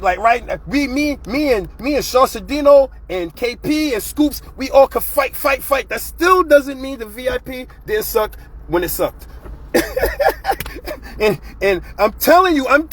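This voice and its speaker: A man's voice: extremely high pitch, husky. A man hosting his own show, ranting bluntly and profanely in a casual, fired-up monologue. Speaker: show host.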